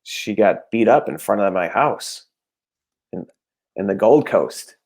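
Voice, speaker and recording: A man guesting on a podcast, chatting loosely and halting between thoughts. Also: fairly low pitch, creaky, slightly rough. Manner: relaxed, halting with fillers. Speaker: guest comedian. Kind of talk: casual chat.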